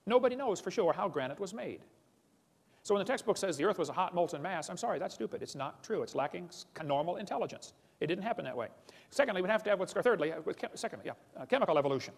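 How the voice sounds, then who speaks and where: A man's voice: high voice, animated, vocal fry. A man giving a blunt, mocking lecture to an audience, often calling ideas stupid and talking down to them as boys and girls. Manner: rapid-fire, addresses audience as boys and girls. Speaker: creationist lecturer. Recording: lecture hall reverb.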